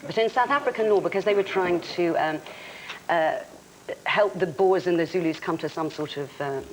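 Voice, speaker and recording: A man's voice: sits high, slight background noise, rough recording. A man on a TV panel game, rambling and playful as he bluffs a definition.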